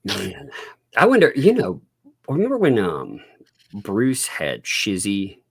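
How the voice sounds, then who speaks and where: A Southern US man hosts a loose livestream chat, his voice gravelly and a little husky. His pitch swings widely as he jokes and keeps breaking into laughter. The sound is close and dry. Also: takes it slowly, dry recording. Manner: laughs often, animated. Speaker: host.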